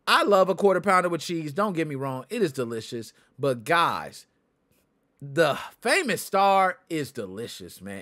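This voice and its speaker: A man's voice: fairly high pitch, a bit bright. A man hosting a gaming podcast, chatting casually and addressing his viewers directly while answering their comments. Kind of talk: casual livestream chat.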